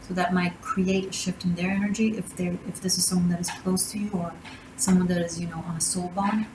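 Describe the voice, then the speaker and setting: A woman's voice: medium pitch, roomy sound, background noise. A woman giving a tarot reading and handing out blunt, emphatic advice. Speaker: tarot reader.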